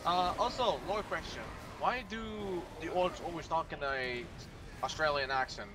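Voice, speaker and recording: A man's voice: fairly high pitch, moderate pace. A man playing a co-op game with friends on voice chat, joking and swearing. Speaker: co-op player on voice chat. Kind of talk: casual gaming chat with friends. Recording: noisy, distant voice chat mic.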